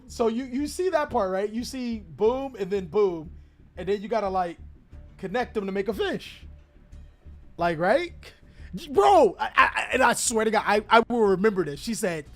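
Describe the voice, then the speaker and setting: A young man hosting his channel, telling a story casually to his chat, animated, laughing often and swearing freely. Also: high-pitched, normal speed, faint music behind. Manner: animated, laughing, profane, chatty. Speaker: channel host.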